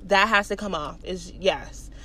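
A woman voicing a stern, impatient male security guard who gives firm, curt orders in a lower, quieter voice. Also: measured pace, slight background noise.

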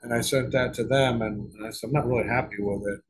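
A man's voice: medium pitch, steady tone, fast, background noise. A middle-aged man telling a long story in a casual interview, rambling and profane, with frequent restarts and repeated words. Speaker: guest author.

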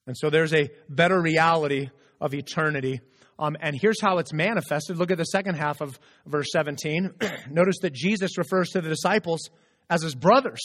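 A male pastor preaching with a fairly high voice, earnest and animated, tripping over restarts as he presses his point. His voice rings out with a long reverb, as in a large church sanctuary. He reads scripture aloud and talks straight to the congregation. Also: normal speed. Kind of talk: sermon.

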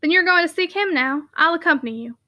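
A woman playing a brisk old rector. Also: very high voice, animated, bright, forceful tone, dry recording, clean studio sound, exaggerated voice. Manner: brisk, commanding, quick questions. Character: brisk, nimble older male rector.

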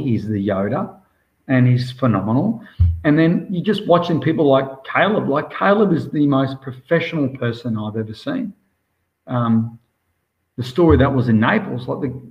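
Man, Australian accent, enthusiastic, rambling, casual interview, dull lo-fi sound. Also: mid-range voice. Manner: enthusiastic, rambling, says "mate" constantly. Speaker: swimmer, interview guest.

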